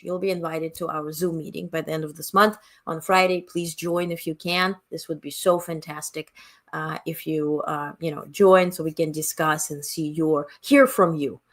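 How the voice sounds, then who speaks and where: A woman's voice: low-pitched, fairly even intonation, normal speed, a bit bright. A woman with a non-native English accent hosting a live stream, talking bluntly and reading viewers' chat comments aloud. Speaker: livestream host.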